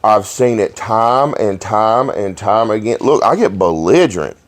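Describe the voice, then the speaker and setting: A man hosting a podcast, telling rowdy stories in a profane, animated way and laughing along. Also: fairly low pitch, a little slow. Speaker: podcast host. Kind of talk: casual storytelling chat.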